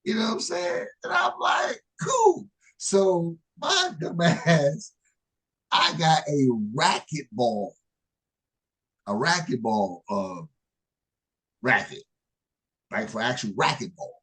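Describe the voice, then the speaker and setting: A man co-hosting a casual chat, telling stories with lively swings and laughing often. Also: slow pace, pauses often, slightly rough. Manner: animated, jumps high when quoting people, laughs often. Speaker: podcast co-host.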